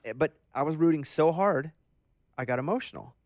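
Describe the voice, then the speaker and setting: A man hosting a radio show, chatting casually and telling stories in an animated, rambling way into a studio microphone. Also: a little high, no echo. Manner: animated storyteller, quick and rambling. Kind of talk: casual morning radio chat.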